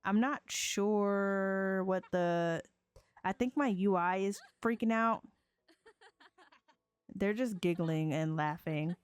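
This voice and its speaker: A woman narrating a life-sim game let's play in a slangy, playful, animated way. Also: mid-range voice, slow pace, long pauses, clean tone.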